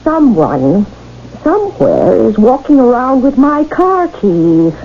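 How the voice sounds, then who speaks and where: A woman's voice: fairly high pitch, huge pitch swings, slow, loud music behind the voice, exaggerated voice. An actress playing an insistent, exasperated woman who saw a murder, in a 1970s radio drama. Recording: dull old radio broadcast with faint hiss.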